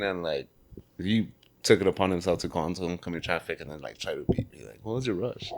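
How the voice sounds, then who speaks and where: A man's voice: deep voice, lively intonation, fast. A man with an El Paso Texan accent, a truck driver telling a crash story in easygoing podcast chat, often saying bro. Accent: El Paso Texan English. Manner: laid-back, says bro a lot.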